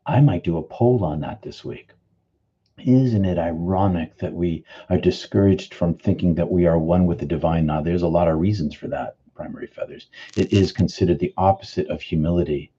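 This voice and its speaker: A man from the Boston area speaks in an earnest, reflective way, teaching spiritual ideas on a live stream and pausing to answer viewers by name. His voice sits low, with a very mellow, husky tone. The sound is a little dull and lo-fi. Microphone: studio microphone.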